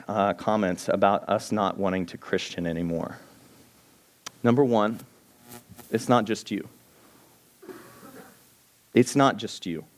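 A man's voice: on the low side, a little mellow. A man preaching to his congregation in an earnest, storytelling way, acting out his own prayers and often restarting his sentences. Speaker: pastor. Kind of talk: sermon. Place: church sanctuary before a congregation.

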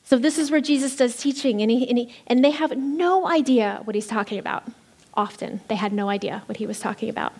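A woman pastor preaching a sermon, telling the story with lively delivery and acting out the voices of the people in it. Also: a little high, brisk, breathy edge.

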